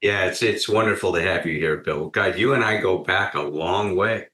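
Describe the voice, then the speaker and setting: A man's voice: low voice, normal speed, sharp tone, roomy sound. A man co-hosting a podcast, talking in an effusive way that repeats its phrases. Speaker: podcast co-host, doctor. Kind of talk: casual podcast conversation.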